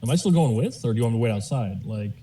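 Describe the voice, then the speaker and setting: A man chatting casually as a tabletop player, asking quick questions. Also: mid-range voice, expressive, warm tone, a little hiss or hum. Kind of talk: casual chat.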